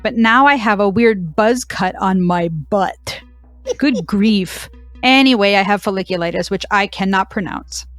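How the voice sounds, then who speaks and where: A woman's voice: medium pitch, unhurried, no echo, faint music behind, natural voice. A woman voicing a sassy, dramatic deaf female cow dog, reading her diary with a dry, mock-dramatic delivery. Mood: wry.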